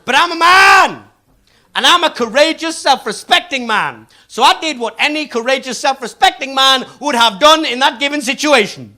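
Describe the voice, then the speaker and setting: A young man doing a stand-up routine, telling stories in an animated, self-mocking way. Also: very high voice, normal speed. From Newcastle upon Tyne, England. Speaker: stand-up comedian.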